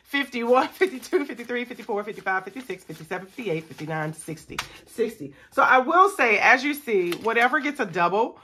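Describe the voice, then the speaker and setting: A woman's voice: fairly high pitch, a little fast, few pauses, slight background noise. A young woman chatting to her viewers as she counts money and scratches off savings cards. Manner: chatty, animated, talks to viewers as y'all, counts money aloud. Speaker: budgeting vlogger. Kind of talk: casual chat to viewers while scratching off savings.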